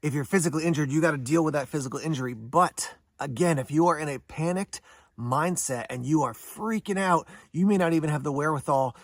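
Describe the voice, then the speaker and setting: A man's voice: on the high side, fairly quick, no echo, clean studio sound. A man hosting a survival channel, talking casually to camera and explaining things step by step, answering questions he imagines from his viewers. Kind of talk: casual instructional talk to camera.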